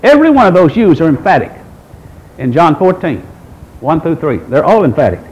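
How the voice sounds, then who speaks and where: A man's voice: high voice, very animated, normal speed, rough recording. A man in his sixties preaching a sermon, quoting scripture and asking the congregation rhetorical questions in an emphatic way. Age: 60s. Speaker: pastor.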